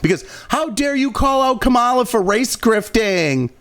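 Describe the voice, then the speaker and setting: This New England political host has an extremely high, fairly bright, animated voice and speaks at a moderate pace. He angrily rants about politics, swearing nonstop and laying on the sarcasm.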